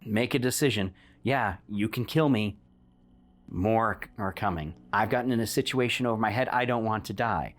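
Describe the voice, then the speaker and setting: A man running a tabletop game as game master, explaining in a casual, halting way. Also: on the low side.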